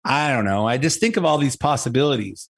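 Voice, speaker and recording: A man's voice: medium pitch, expressive, fairly quick. A man hosting a talk show, delivering an opinionated commentary monologue in a sarcastic, mocking tone that rambles with many restarts.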